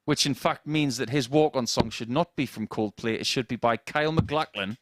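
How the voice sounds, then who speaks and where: A man's voice: medium pitch, brisk, no room sound, studio quality. A man commentating on darts, chatty and joking with his co-commentator. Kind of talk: live sports commentary with banter.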